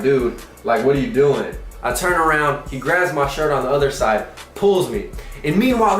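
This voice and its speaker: A young man telling a comic personal story, animated and profane, acting out quotes in shifting voices. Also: on the high side, echoey room.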